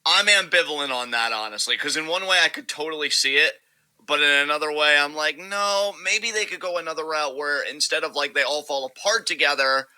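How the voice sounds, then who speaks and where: A man's voice: fairly high pitch, fairly quick, sharp tone, clear, resonant tone, low-quality recording. A young man co-hosting a podcast, giving laid-back, opinionated takes in casual chat. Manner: laid-back, opinionated, says dude and brother. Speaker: podcast co-host.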